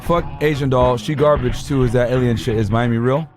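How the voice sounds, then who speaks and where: A man's voice: medium pitch, a little fast, music in the background. A man on a podcast, talking crudely and dismissively. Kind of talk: podcast talk.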